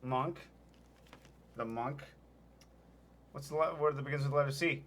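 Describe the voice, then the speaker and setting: A man's voice: medium pitch, normal speed, a bit bright, slight background noise. A man keeping score in a casual party game, joking and laughing often. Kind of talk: casual chat.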